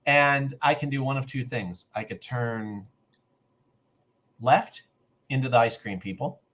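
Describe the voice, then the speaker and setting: A man's voice: medium pitch, takes it slowly, fairly bright tone. A middle-aged man telling a long personal story on a podcast, acting out the other people's lines as he goes. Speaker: podcast co-host. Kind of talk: casual storytelling.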